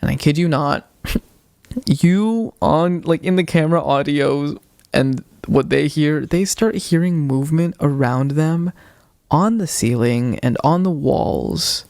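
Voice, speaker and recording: A young man on a podcast, retelling a ghost-hunting video with animated quoted voices in casual storytelling. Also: fairly high pitch, takes it slowly, creaky, no echo, clean studio sound. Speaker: podcast co-host.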